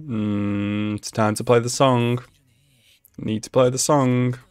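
Male reaction host, casual and excitable, ordinary pitch, dry sound. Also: takes it slowly, smooth, no room sound, soft background music. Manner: excitable, laughs often, exclaims at the screen. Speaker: anime reaction channel host.

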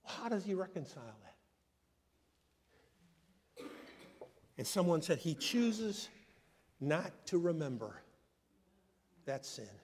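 A man pastor preaching a sermon, moving between quiet pleading and loud fervent passages. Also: fairly high pitch, big pitch swings, slow, pauses often, slight background noise. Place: church sanctuary. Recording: long church reverb.

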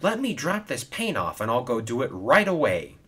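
A man's voice: medium pitch, wildly swooping pitch, normal speed, sharp tone, husky, pitched above the performer's own voice, exaggerated voice. A man voicing a kind, helpful male steam engine in a storybook reading, friendly and earnest.

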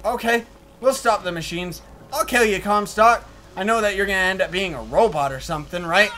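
A man's voice: sits high, fast talker, pushed and bright, a little hiss or hum. A man giving joking, goofy commentary while playing a video game. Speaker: let's play host.

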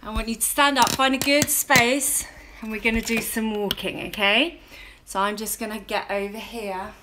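A woman leading a toddler music class in a coaxing, sing-song manner, swooping between high and low notes. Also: steady tone, normal speed, background noise. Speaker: children's music teacher. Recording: echoey room with ukulele playing.

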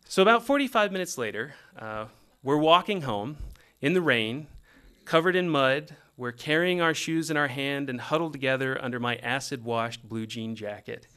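A middle-aged man from Texas telling a comedic story from his teenage years with a wry, animated delivery. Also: medium pitch, normal speed, clean tone.

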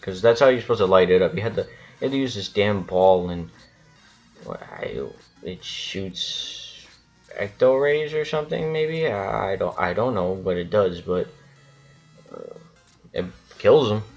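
Low, slow-talking man gaming. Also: lively intonation, creaky, dull audio, soft background music. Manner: rambling, swearing, lots of restarts. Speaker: gaming channel host. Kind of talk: casual gameplay commentary.

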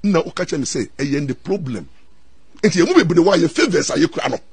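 Excitable Ghanaian man, husky and animated. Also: fairly high pitch, quick pace. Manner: excitable, mixes Twi and English, repeats words. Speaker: lawyer and commentator. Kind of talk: animated storytelling talk.

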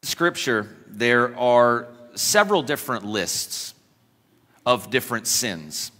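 A man's voice: medium pitch, expressive, slow pace, sharp tone. A man preaching a sermon as pastor, joking with the congregation and acting out quoted voices. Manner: acts out quoted voices with humorous asides. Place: church. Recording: long church hall reverb.

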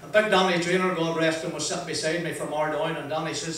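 An older man with a broad Northern Irish accent tells a funny story to a crowd, his voice sitting a little high for a man. He sounds a long way from the mic, and his words ring around a big echoey hall over faint noise. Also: fast talker, distant mic. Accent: Northern Irish, Ballymoney. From Northern Ireland. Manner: broad, lively anecdotal delivery, acting out dialogue. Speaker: motivational speaker. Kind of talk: humorous storytelling speech. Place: event venue with audience.

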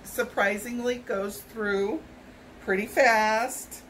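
A woman's voice: fairly high pitch, fairly even intonation, takes it slowly, a bit bright, slight background noise, poor audio. A woman, vlogging a casual product unboxing at home, chatty and rambling with self-corrections. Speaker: YouTube vlogger.

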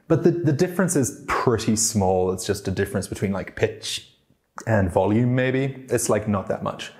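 Low-voiced man explaining language tones. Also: measured pace, a little mellow. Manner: demonstrates tones by acting out sounds. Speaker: language teacher.

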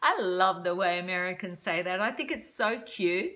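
Older woman, vlog dating advice, casual chat, bright tone, laughs a lot, self-deprecating. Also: lowish voice, expressive, moderate pace. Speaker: vlogger giving dating advice.

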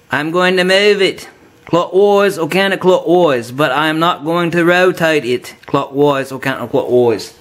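A man giving a hands-on tabletop demonstration lesson, explaining step by step and joking with a mock Australian "mate". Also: on the high side. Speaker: science demonstrator.

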